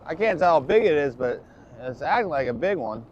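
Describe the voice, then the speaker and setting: A man commercial fishing on a boat, live-streaming to his chat and swinging from hyped shouts to low muttering. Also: big pitch swings, brisk, lo-fi sound, slight background noise.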